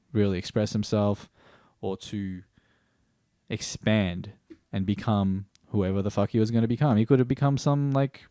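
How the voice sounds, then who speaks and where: A man's voice: on the low side, warm tone, no room sound, studio quality. A man reviewing a TV series in a rambling, stream-of-consciousness way, swearing casually and often restarting sentences. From Australia.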